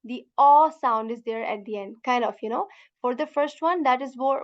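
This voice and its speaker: A woman teaching a beginner Quran Arabic lesson, patiently saying each sound slowly and repeating it for students to copy, and calling her students sister. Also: high-pitched, muffled recording.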